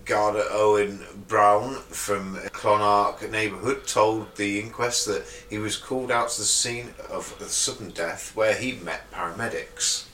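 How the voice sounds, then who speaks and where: A man's voice: on the low side, steady tone, unhurried, few pauses, pushed and bright, a little hiss or hum. Man reading weird news, roomy echo. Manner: reads stories aloud, breaks into giggles. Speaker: podcast co-host reading news. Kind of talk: casual chat reading news stories aloud. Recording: echoey room, slightly distant mic.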